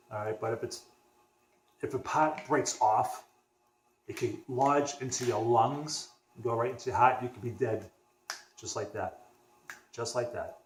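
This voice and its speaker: A young man from the Boston area telling a personal story on his vlog in a casual, rambling way, restarting sentences and acting out what others said. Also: mid-range voice. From Boston area, USA. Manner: rambling, restarts often, acts out dialogue. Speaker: vlogger. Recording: echoey room.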